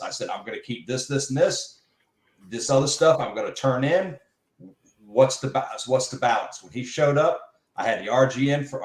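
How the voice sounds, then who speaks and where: A man telling a casual shop story, animated and mimicking the people he quotes. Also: mid-range voice, echoey room, rough recording.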